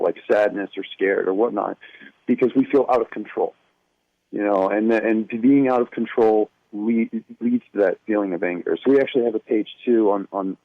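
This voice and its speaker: A man who wrote a children's workbook, explaining it to a host in a measured, explanatory way. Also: fairly low pitch, no room sound. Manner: measured, explanatory, many fillers and restarts. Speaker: workbook author, guest. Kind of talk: casual interview talk. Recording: tinny phone line.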